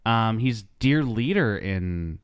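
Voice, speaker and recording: A man's voice: on the low side, lively intonation, takes it slowly, clear, resonant tone. A man hosting a podcast in casual chat, rambling and hesitant with many ums. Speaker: podcast host.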